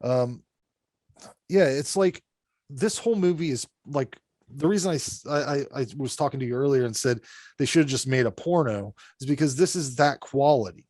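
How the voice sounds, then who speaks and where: A man's voice: mid-range voice, normal speed, darkish tone, no room sound. A man hosting a horror movie podcast, talking bluntly and profanely, rambling with lots of fillers. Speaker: podcast host. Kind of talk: casual podcast review chat.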